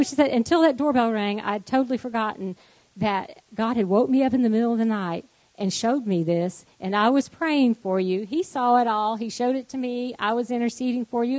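Animated woman telling a faith story. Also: fairly high pitch, moderate pace, dry recording, rough recording. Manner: animated storytelling, acts out both sides of quoted dialogue. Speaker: guest giving a testimony. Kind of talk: personal testimony on a faith program.

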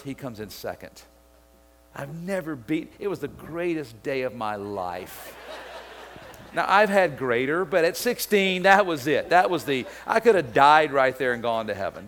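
A man's voice: medium pitch, a little hiss or hum. A middle-aged pastor from Mississippi preaching a sermon, telling a story and driving home his point. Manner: storytelling, builds to excited shouting.

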